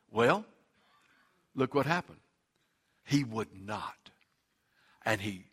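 A middle-aged man, a pastor, preaching a sermon in an animated way that swings from loud to hushed. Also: fairly high pitch, husky.

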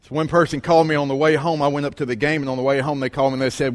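A man preaching, telling a story in an animated way and acting out the voices of the people in it. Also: on the high side, rapid-fire, few pauses. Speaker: pastor. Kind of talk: sermon storytelling. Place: church sanctuary. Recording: long reverb of a large hall.

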